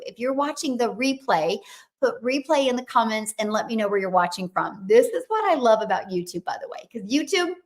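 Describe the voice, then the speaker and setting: High-voiced energetic woman in her fifties. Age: 50s. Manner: energetic, shouts out to viewers by name. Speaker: livestream host. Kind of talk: live-stream talk to viewers.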